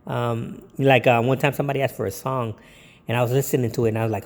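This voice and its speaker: A man DJ talks through his business tips in a loose, rambling way, often stopping on an um. His voice has a gravelly fry at mid pitch. A long reverb trails behind him. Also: fairly even intonation, fast talker, a little mellow. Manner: rambling, with many ums and jokey put-on quotes. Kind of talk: casual talk to camera.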